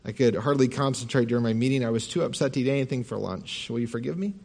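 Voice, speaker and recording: A man's voice: mid-range voice, fast, creaky, darkish tone. A man reading as a contrite husband begging forgiveness. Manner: contrite, pleading. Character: apologetic husband pleading for forgiveness.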